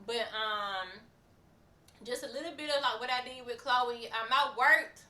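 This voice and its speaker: A woman's voice: fairly high pitch, measured pace, bright, forceful tone, roomy sound, distant mic. A young woman, chatting casually and rambling through a vlog update with lots of fillers and restarts. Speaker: vlogger.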